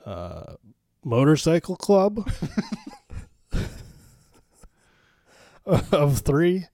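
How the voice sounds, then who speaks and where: A man's voice: fairly high pitch, extremely slow, gravelly, no echo, studio quality. A man co-hosting a podcast, retelling a movie plot in casual chat, laughing and swearing often. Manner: laughing, profane, animated retelling. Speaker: podcast co-host.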